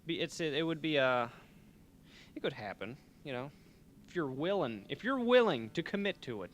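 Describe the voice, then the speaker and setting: A man's voice: fairly high pitch, sing-song, normal speed, a little hiss or hum. A young man hosting a college radio show, chatting and joking in a loose, rambling, self-mocking way from a small studio. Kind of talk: rambling comedic radio chat.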